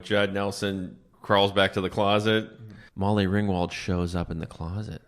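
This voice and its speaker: A male stand-up comedian recapping a movie to a friend in an animated way, often laughing and acting out lines. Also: deep voice, measured pace.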